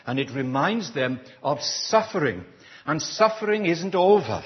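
Slow, deliberate preacher. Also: male voice, on the high side, very animated, lo-fi sound. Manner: quizzes the congregation with questions, slow and deliberate. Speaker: preacher leading a church service. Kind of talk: interactive sermon.

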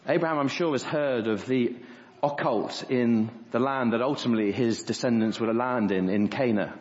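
A man's voice: medium pitch, normal speed, a little mellow. A man preaching an earnest sermon as a pastor, acting out quoted speech in a raised voice. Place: church hall. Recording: dull reverberant church recording.

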